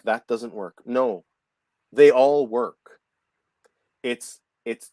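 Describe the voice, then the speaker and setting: A man's voice: on the low side, dry recording. A man hosting a casual talk show, enthusiastic and emphatic, often tripping over his words. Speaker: host. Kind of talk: casual video-call chat.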